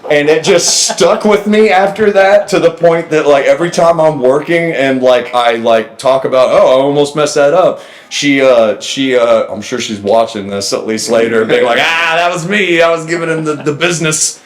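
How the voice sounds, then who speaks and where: A man chatting as a podcast guest, trading quick quips and laughing often. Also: medium pitch. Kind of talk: casual comedic chat. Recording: echoey room.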